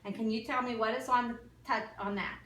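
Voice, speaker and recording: A nursing student doing an exam demo gives calm, step-by-step instructions with fillers during a clinical exam. She has a fairly high voice and speaks fairly quickly, heard from far off in an echoing room with faint room noise.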